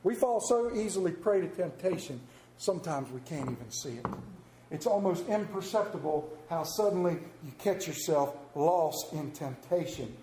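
A man's voice: on the high side, expressive, normal speed, mellow, slight background noise. A man preaching a sermon as pastor, telling folksy stories and joking about himself. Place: church. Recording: echoey church room.

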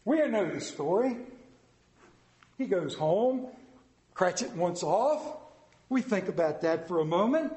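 A man preaching a storytelling sermon, animated and playful, acting out voices in his anecdotes. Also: high-pitched, slow, long pauses. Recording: echoey room.

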